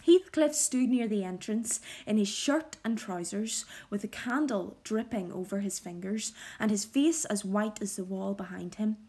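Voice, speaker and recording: A woman teacher reading a novel aloud and explaining it, in a measured, expressive storytelling manner. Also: mid-range voice.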